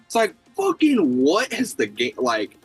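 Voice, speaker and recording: A man's voice: on the high side, unhurried, husky, no room sound, soft background music. A man co-hosting a casual sports podcast, blunt and swearing heavily as he rants. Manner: blunt, heavy swearing, animated ranting. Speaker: podcast co-host.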